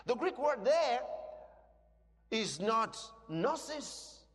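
A man preaching a sermon to a congregation, speaking emphatically and breaking into shouted declarations. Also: very high voice, sing-song, drawn-out words. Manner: asks the congregation questions. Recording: long reverb in a large hall.

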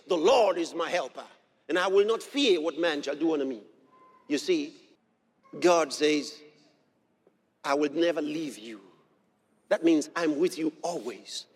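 A man preaching a sermon as pastor, emphatic and building to shouts. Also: on the high side. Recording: long hall reverb.

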